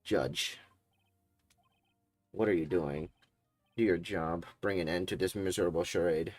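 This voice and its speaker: A man's voice: deep voice, steady tone, measured pace, no echo, faint music behind, pitched below the performer's own voice. A man voicing a cold, arrogant older prosecutor who talks in a stern, commanding way. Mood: contemptuous.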